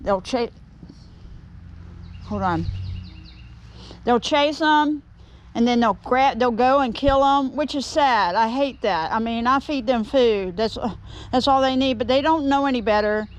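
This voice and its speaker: A woman's voice: fairly high pitch, unhurried, long pauses, lo-fi sound. A woman chatting and rambling to viewers as she works in an outdoor workshop. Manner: chatty and rambling, talks to viewers and shoos a bee. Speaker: woodturning vlogger. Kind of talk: casual chat while working in a workshop.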